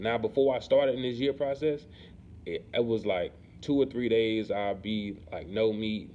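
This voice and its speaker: A man chatting casually to camera in a relaxed, rambling way, often asking "you know what I'm saying". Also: on the low side, normal speed. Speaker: vlogger. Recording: dull lo-fi sound with faint background noise.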